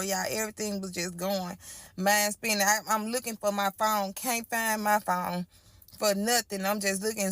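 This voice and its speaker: Telling her own story of a terrifying night, a woman speaks with emotion in a colloquial style, repeating herself and addressing the audience as "y'all." Her medium-pitched, slightly bright voice is recorded with no echo.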